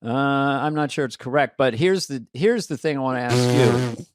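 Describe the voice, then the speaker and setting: A man's voice: mid-range voice, normal speed, no echo, studio quality. An older man co-hosting a comedy podcast, chatting casually and playfully, laughing often at his own jokes. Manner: playful, laughing, self-deprecating. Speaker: podcast co-host.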